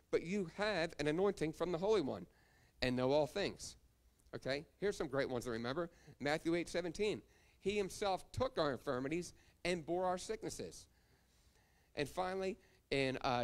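A man preaching a sermon to his church, his voice sitting a little high for a man. He moves through scripture references one after another, then calls out to the congregation for an amen. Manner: preaching, reading scripture references and calling for amens. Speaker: pastor.

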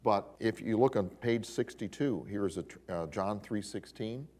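A man teaching a Bible history class, who tells the story in a lively way with exclamations. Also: fairly low pitch, moderate pace. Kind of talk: classroom lecture.

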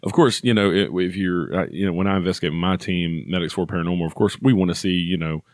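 A man's voice: sits low, fairly even intonation, fast talker, no echo, clean studio sound. A man hosting a paranormal podcast, chatting casually with his guest and pointing listeners to the guest's channels. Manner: friendly, plugs guest's channels. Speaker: podcast host. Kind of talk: casual interview.

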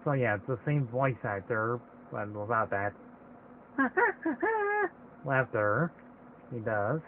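This let's play host speaks slowly in a mid-range voice over slight background noise, the sound tinny and phone-like with game music playing. He chats casually as he plays, rambling, hesitant, and breaking off his thoughts partway.

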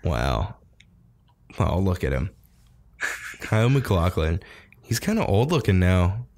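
A man's voice: deep voice, sing-song, slow, darkish tone. A man co-hosting a podcast, casually chatting about films, laughing often and swearing freely. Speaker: podcast co-host. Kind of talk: casual film review chat.

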